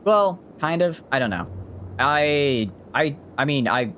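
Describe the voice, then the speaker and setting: A man's voice: on the high side, expressive, takes it slowly, a bit bright, a little hiss or hum. A man with a mild Southern US accent gives casual gameplay commentary as a streamer, rambling and often correcting himself. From Southern United States. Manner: rambling, self-correcting, chatty. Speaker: game streamer.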